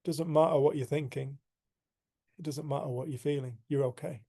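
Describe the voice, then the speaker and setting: A man's voice: a little high, fairly even intonation, normal speed, gravelly, warm tone. A man speaking candidly to a group on a video call, earthy and frank, laughing at himself now and then. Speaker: group facilitator. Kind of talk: casual spiritual talk to a group.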